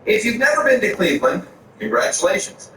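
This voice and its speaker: A man's voice: sits high, very animated, a little fast, noisy background. A man from Florida doing a stand-up set on a comedy club stage, ranting crudely. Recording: echoey room from far off, audience ambience.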